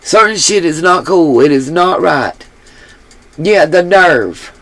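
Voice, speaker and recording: A woman's voice: lowish voice, expressive, takes it slowly, no echo. Fired-up woman ranting, dry close sound. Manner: heated, profane, blunt; apologetic about her harsh tone. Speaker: YouTube commentary host. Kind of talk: angry commentary rant.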